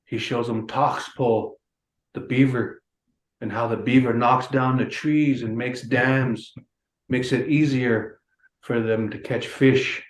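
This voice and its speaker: A man telling a traditional animal story as guest speaker, in a measured, repeating storyteller cadence. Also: mid-range voice, fairly even intonation. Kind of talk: oral storytelling. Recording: roomy echo.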